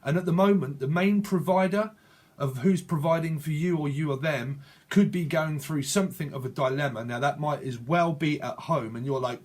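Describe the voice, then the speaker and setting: A man's voice: on the high side, moderate pace. A man giving a channeled tarot reading in a rambling, repetitive way, often correcting himself mid-word. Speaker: tarot reader.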